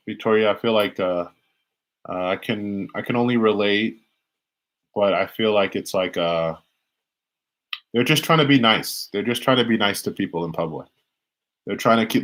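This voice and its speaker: A man's voice: fairly low pitch, fairly bright tone, poor audio. A man giving a live-streamed tarot reading in a casual, rambling way, restarting and repeating phrases as he talks. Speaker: tarot reader.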